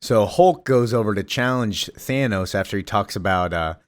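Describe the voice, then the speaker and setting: A man's voice: fairly low pitch, normal speed, dry recording. A man casually recapping a comic storyline, chatty and full of fillers and wry asides.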